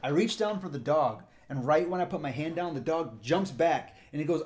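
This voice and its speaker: His voice is fairly high, darkish and animated, and he talks fairly fast with barely any pauses. A park ranger co-hosting a casual podcast, he rambles through a work story set in the park, acting out everyone in it.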